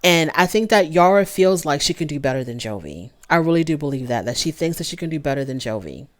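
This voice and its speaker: A woman hosting a casual TV recap, gossipy and animated, talking straight to her viewers. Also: deep voice, fast. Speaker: reality TV recap host. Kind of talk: casual chat review.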